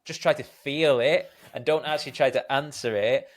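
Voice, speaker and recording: A man's voice: mid-range voice, moderate pace. A man hosting a podcast, chatting casually and rambling with filler words. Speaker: podcast host. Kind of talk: casual conversational interview.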